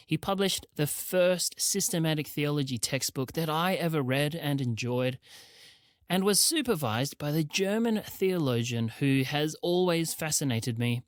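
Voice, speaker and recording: A man's voice: medium pitch, no room sound, studio quality. A man adding recorded commentary to a podcast, explaining background in an informative tone.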